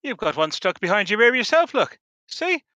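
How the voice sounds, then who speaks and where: A man's voice: sits high, very animated, normal speed, pushed and bright, no echo, highs cut off. A man playing a tabletop game in character, folksy and playful in his banter. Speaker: player.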